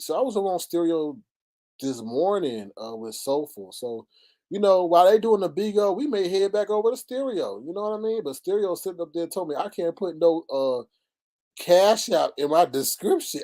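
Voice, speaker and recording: A man with runs a casual livestream, throwing out sassy asides to his viewers. His voice sits dark and mellow, but his pitch jumps all over the place, up to high shrieks and laughs. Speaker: livestream host.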